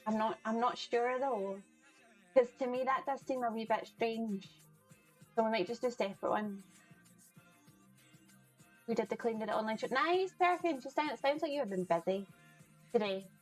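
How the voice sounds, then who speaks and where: Woman cooking live on stream, kinda high voice, chatty, says hi to chat a lot. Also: normal speed, pauses often, a little mellow, soft background music, rough recording. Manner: chatty, greets chat by name, laughs often. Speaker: livestream cooking host. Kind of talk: casual chat with viewers while cooking. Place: home kitchen.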